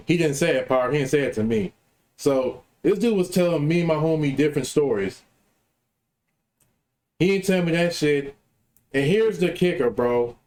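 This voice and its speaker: A man's voice: mid-range voice, darkish tone. Profane, worked-up man telling a story. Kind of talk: casual storytelling rant.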